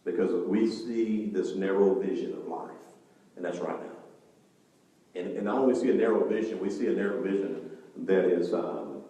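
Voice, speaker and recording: A man preaching a sermon as pastor, animated and acting out the voices of the story. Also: sits low, moderate pace, heavy reverb, in a large hall, far from the mic, low-quality recording. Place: church sanctuary.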